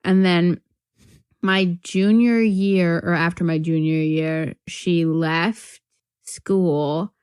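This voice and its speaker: A young woman from North Carolina spins a rambling story on a podcast. She packs it with "like" and laughs often. Her voice sits a little low, and the sound is dry and close. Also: steady tone, takes it slowly, a little mellow, clean tone, dry recording. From North Carolina, USA. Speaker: podcast co-host. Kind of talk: casual chat.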